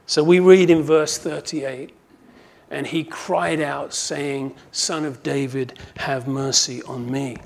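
A man preaching a sermon, who acts out the quoted cries and moves from hushed asides to loud, impassioned calls. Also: fairly high pitch, steady tone, takes it slowly, vocal fry. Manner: swings from hushed to shouting when quoting cries; dramatizes quoted voices.

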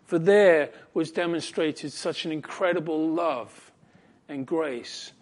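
A man preaching an expository sermon, earnest and emphatic, slowing down when he quotes scripture. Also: on the high side.

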